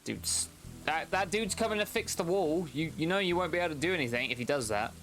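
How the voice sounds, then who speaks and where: A man's voice: on the high side, lively intonation, brisk, fairly bright tone, faint music behind. A young man casually commenting on a game during a live stream, exasperated with the characters, swearing and laughing often.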